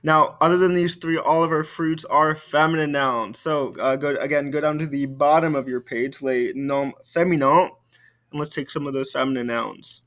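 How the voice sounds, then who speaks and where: A man's voice: on the high side, steady tone, moderate pace, a bit bright. A man teaching a recorded French lesson, patiently saying vocabulary for students to repeat.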